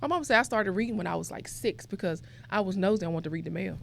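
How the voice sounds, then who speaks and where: A young woman from Mississippi, telling her life story as a podcast guest in an animated way. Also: medium pitch, quick pace, vocal fry, background noise. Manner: animated, acts out quoted voices. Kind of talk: conversational storytelling.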